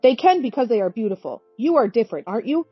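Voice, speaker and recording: A woman's voice: a little high, big pitch swings, fast, slightly rough, no echo, faint music behind. A woman voicing a scornful, domineering middle-aged husband in a storybook-style reading, with a sneering, irritable manner. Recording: dull lo-fi recording.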